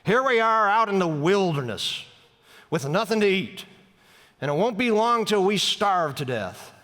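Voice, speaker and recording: A pastor putting on a raised, strained voice for a man stirring up a grumbling crowd. He shouts his mocking complaints well above his own pitch, and the sound carries a long reverb off a big room. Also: animated, measured pace. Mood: agitated. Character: rabble-rousing man in the crowd, grumbling agitator.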